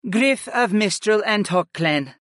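Man doing a soft slow mom queen type, raised pitch, formal and kind. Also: expressive, no room sound, clean studio sound, heavily acted. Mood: gentle. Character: gentle motherly chief's wife, middle-aged woman.

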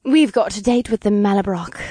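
A man's voice: high-pitched, a little fast, warm tone, dry recording, clean studio sound, pitched above the performer's own voice. A man playing a commanding Demon Queen. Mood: regal. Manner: poised, regal.

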